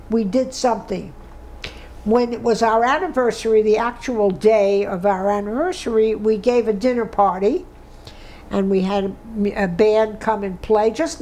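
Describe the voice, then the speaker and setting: A woman's voice: a little high, a little mellow, poor audio. A woman in her nineties giving an oral history interview, emotional and tearful, reminiscing with restarts. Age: 90s. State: crying.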